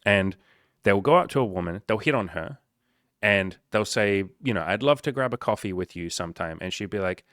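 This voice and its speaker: Blunt, swearing dating coach. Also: male voice, lowish voice, animated, a little fast, fairly bright tone, no echo, studio quality. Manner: blunt, swears often, acts out little dialogues. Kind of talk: casual motivational talk.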